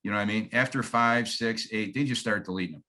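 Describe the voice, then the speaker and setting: A real estate trainer in his fifties from Michigan, speaking with a Michigan accent, talks fast in a lowish, bright, forceful voice. His sales training talk is folksy and emphatic, and he keeps checking in with "okay?". The recording is rough.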